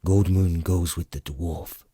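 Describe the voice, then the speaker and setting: A man's voice: deep voice, steady tone, slow, mellow, slightly rough, dry recording, clean studio sound, full character voice. A man voicing a stern, curt male warrior of few words.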